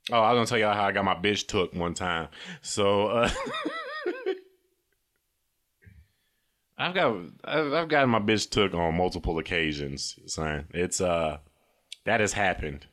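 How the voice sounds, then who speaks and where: Young male podcast host, casual comedic riffing from a car, profane, quick laugher. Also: lowish voice, sing-song, a bit bright. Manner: loose, profane, laughs often and mimics silly voices.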